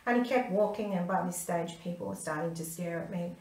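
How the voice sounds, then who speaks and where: A woman's voice: lowish voice, brisk, a little mellow. A woman, a stress management coach telling a personal story to camera in an earnest, emphatic way. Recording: roomy, mic at a distance.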